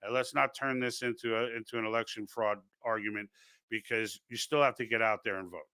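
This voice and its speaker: A man with a New York accent hosts a casual political livestream and reads viewer comments aloud. His voice is bright and crisp. He rambles and restarts his sentences, and the recording is close and dry. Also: fairly low pitch, fairly even intonation, fairly quick, dry recording. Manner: rambling, many restarts and repeated words. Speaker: livestream host reading chat comments.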